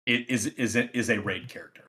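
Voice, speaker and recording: A man hosting a podcast, explaining in halting speech with many repeated words and restarts. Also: medium pitch, pushed and bright. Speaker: podcast host. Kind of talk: casual chat.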